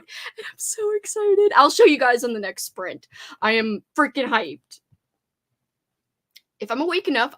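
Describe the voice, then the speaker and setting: A woman's voice: on the high side, fairly bright tone. A young woman, chatting bubbly and casual on a livestream, reading viewer comments aloud and answering them. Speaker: livestream host reading chat.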